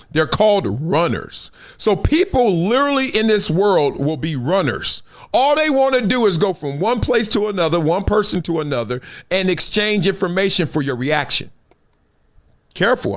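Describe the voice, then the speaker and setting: A man in his fifties hosting a talk show, telling stories in a casual, animated way and acting out other people's lines. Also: high voice. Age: 50s. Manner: animated storytelling, acts out quoted voices, frequent laughs. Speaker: show host.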